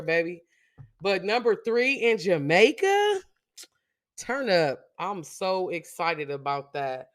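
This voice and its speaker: Slow-talking, chatty podcast host. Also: mid-range voice. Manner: chatty and emphatic, checks in with listeners by repeating "okay?"; excited shout-outs to listeners. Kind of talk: casual solo podcast monologue.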